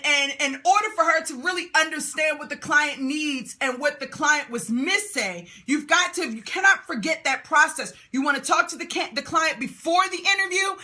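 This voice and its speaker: High-pitched exuberant woman host. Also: pushed and bright. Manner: exuberant, cheering, whooping and scatting; rapid-fire when listing questions. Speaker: host of a live Q&A call for staffing business owners. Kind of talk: energetic live call, reading out comments.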